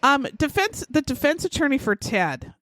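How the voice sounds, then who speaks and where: Woman podcast co-host, lively true-crime storyteller, dry close sound. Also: sits high, moderate pace, no echo. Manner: animated retelling, acts out quotes in shouted voices. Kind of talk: casual true-crime chat.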